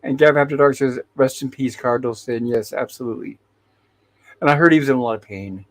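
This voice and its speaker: A man's voice: medium pitch, a little fast. A man hosting a casual livestream who reads viewer chat messages aloud and greets each viewer by name, often restarting and correcting himself. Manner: hesitant, with frequent restarts and self-corrections. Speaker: livestream host.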